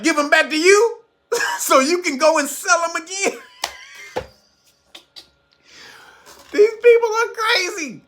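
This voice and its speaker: A woman with a bright, sharp voice chats casually to her audience. She speaks loosely and frankly, with plenty of slang and profanity. The delivery is informal, like an unscripted vlog. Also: high-pitched. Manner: loose, chatty, profane storytelling addressed to viewers. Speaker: commentary vlogger. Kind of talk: casual commentary.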